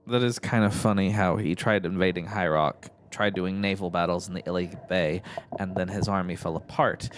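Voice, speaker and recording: A man's voice: low voice, fairly even intonation, normal speed, a little hiss or hum. A man narrating his gameplay in a rambling, musing way, often correcting himself with chuckling asides. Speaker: let's-play host.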